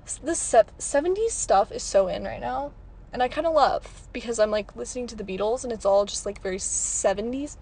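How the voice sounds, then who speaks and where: A woman's voice: fairly high pitch, a little fast, a little mellow, breathy edge. A young woman hosting a podcast from her parked car, rambling and chatty, laughing often. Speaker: podcast host. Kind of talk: casual chat.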